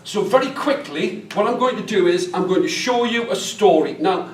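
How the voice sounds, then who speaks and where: Speaking at a normal speed, this animated, high-pitched man with a Northeast English accent runs a storytelling workshop, joking and chatting with the crowd. He comes from northeast England, and the audio carries room echo, a distant mic, and slight background noise.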